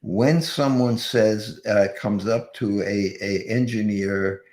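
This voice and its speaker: Slow, halting man in a roomy space. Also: on the low side, steady tone, darkish tone. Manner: halting, many fillers and restarts. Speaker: guest speaker. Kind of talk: closing a presentation.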